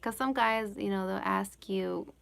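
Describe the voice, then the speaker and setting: A woman answering chat questions on a casual live stream from home speaks a little slowly in a mid-range voice with vocal fry and a fairly bright, clear, resonant tone. Her talk rambles with lots of "like" and "you know," punctuated by frequent giggles.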